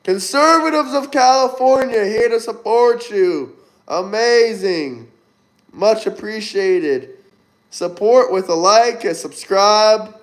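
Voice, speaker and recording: A man hosting a casual livestream, reading viewer comments aloud and giving upbeat, chatty shout-outs. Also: sits high, slow. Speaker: livestream host. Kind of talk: casual live-stream chat reading comments.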